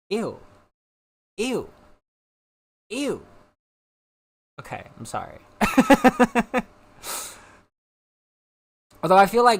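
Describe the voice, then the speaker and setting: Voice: mid-range voice, very animated, drawn-out words, pauses often, slightly rough. A young adult streamer with a slight South African accent, chatting casually and rambling between topics with frequent giggles. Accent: slight South African, between British and American. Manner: giggly, rambling, easily sidetracked. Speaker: live streamer.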